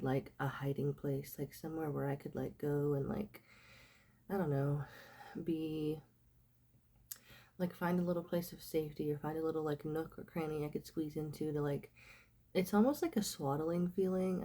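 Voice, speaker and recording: A woman's voice: low voice, mellow. A young woman with a stuffy nose and nasal sound from a cold, hosting a devotional recovery talk and reading scripture, with rambling, filler-heavy speech. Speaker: host of a devotional recovery series.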